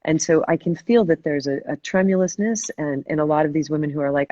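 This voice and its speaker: A woman hosting a live video chat, asking a long thoughtful question with many pauses and restarts. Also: low voice, fairly even intonation, mellow, no echo, muffled recording. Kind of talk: casual live-stream conversation.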